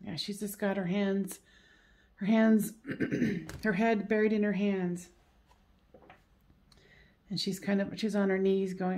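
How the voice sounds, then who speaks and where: A woman talking as a psychic medium through a solo reading, halting and repeating phrases, soothing and coaxing as she goes. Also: mid-range voice, little pitch movement, mellow.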